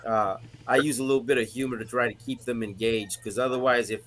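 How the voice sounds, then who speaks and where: Bright-voiced man, retired soldier and teacher, chatty with fillers. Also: mid-range voice, fairly even intonation, fast talker, slight background noise. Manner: storytelling, good-humored, hesitant fillers. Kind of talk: casual video-call chat. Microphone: video call.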